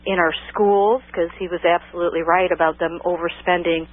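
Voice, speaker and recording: A woman's voice: lowish voice, steady tone, brisk. A woman calling in to a radio talk show, blunt and insistent. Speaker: caller. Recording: tinny phone line.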